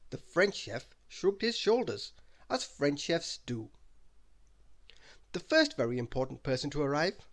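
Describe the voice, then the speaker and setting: A man reading a children's bedtime story aloud in an animated, expressive way. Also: fairly high pitch, unhurried, pauses often.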